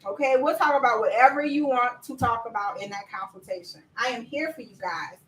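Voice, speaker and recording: A woman coaching viewers in a lively live-stream chat, talking to them directly and laughing often. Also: a little high, fairly quick, echoey room, recorded from a distance, slight background noise, rough recording. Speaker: business coach.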